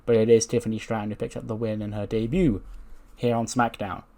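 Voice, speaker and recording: A man's voice: lowish voice, little pitch movement, brisk, dark tone. A man casually narrating his wrestling game playthrough, with lots of fillers. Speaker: game streamer. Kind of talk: let's play commentary.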